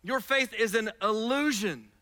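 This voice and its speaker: A man delivers an impassioned sermon, leaning on repeated phrases to press his point. His voice sits unusually high and rings out bright and sharp. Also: a little slow. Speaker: pastor.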